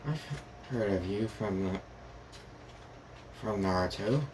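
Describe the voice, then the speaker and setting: A friendly old ramen shop owner, played by a man in a casual spoken fan story. His voice stays low and steady, and he talks in a calm, easygoing way. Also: slow pace, slight background noise.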